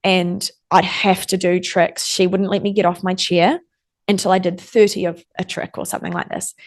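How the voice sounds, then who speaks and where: A woman's voice: on the low side, little pitch movement, moderate pace. A young woman, an interview guest chatting casually and acting out old conversations as she tells stories. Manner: chatty storyteller, lots of "like", acts out quoted exchanges.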